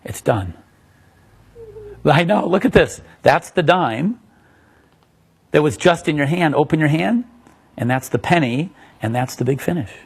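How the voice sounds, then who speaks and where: Husky-voiced magician explaining a trick. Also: male voice, a little high, expressive, unhurried, pauses often. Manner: chatty, self-interrupting, laughs at himself.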